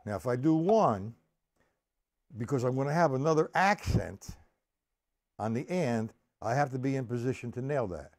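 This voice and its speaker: A man's voice: mid-range voice, animated, moderate pace, long pauses, a little mellow. A man teaching a drum lesson on a live stream, counting the beats aloud and explaining each stroke step by step.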